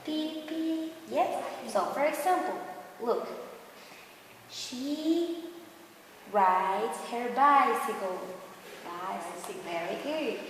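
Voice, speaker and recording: A woman teacher reading a story aloud to a class, slow and animated, with sound cues. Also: fairly high pitch, a little hiss or hum. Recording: echoey classroom with long reverb.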